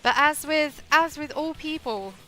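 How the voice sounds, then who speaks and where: A woman from England with a softened Southwest English accent, chatting casually as a VTuber streamer between game scenes. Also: high voice, unhurried, soft background music. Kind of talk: casual gaming commentary.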